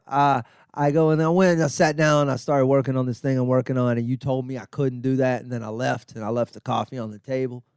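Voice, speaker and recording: A man's voice: fast, smooth, no room sound, clean studio sound. A middle-aged man and comedian host telling a self-mocking, profane story, acting out the voices of the people in it. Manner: animated, acts out quotes with big pitch jumps. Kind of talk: storytelling monologue.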